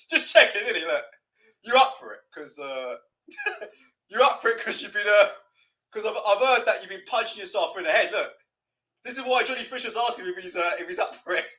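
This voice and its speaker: Young man, casual stream host, sweary and mocking, high, lively voice. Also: a little fast. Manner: sweary, mocking, laughs a lot. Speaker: livestream host. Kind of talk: casual live boxing watch-along commentary.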